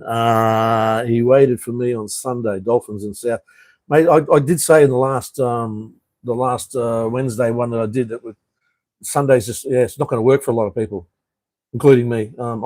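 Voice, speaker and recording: Australian man, casual live stream chat, rambling with ums and uhs, middle pitch, dry room. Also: steady tone, normal speed, a little mellow, no room sound, low-quality recording. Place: room overlooking a street. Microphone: camera he turns toward the street.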